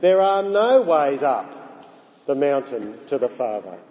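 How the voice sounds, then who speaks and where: A man preaching a sermon, emphatic, rising on key phrases and slowing down for weight. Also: medium pitch, big pitch swings. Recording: dull sound with long hall reverb.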